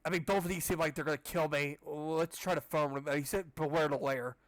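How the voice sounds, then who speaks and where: A man's voice: a little high, fairly even intonation, fairly quick, no echo. A man reading a children's book aloud casually, breaking off for sarcastic, swearing asides. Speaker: audiobook club reader. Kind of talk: casual read-aloud with commentary.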